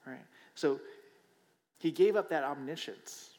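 A man's voice: a little high, slow, darkish tone. Conversational preacher man in a reverberant hall. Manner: conversational, checks in with frequent rhetorical "right?"; repeats phrases for emphasis. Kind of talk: sermon.

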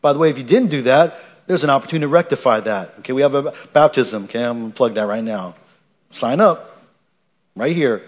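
A man's voice: medium pitch, expressive, a little fast. A man, a pastor, preaching an earnest, emphatic sermon with frequent restarts and repetitions.

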